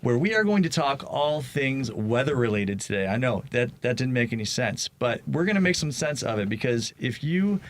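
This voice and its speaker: A man's voice: mid-range voice, sing-song, normal speed, few pauses. A man with a Chicago accent hosting a casual real estate talk show, joking and rambling as he introduces guests. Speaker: podcast host. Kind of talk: casual chat.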